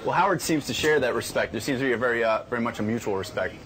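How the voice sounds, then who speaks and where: A man co-hosting a radio talk show, speaking in a quick, conversational way. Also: medium pitch, over music, low-quality recording. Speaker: radio co-host.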